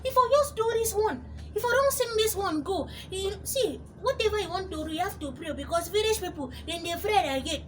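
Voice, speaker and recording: A Nigerian woman comedian with a Pidgin English accent, giving animated, laughing comic commentary. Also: very high-pitched, a little fast, a little hiss or hum.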